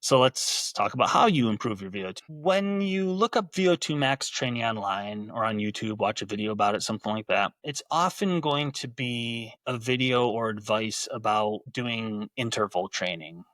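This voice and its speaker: A man's voice: lowish voice, animated, moderate pace, few pauses, a bit bright, no echo. Conversational male gym coach, dry sound. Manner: conversational, repeats words while restarting sentences. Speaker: podcast host and gym coach. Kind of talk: casual explanatory talk.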